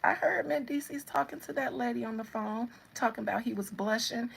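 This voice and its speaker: A woman's voice: a little high, normal speed, gravelly, slightly rough, low-quality recording. A woman in her thirties with a Southern American accent, chatting to viewers in a sassy, teasing way. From Southern United States. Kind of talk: casual chat to viewers.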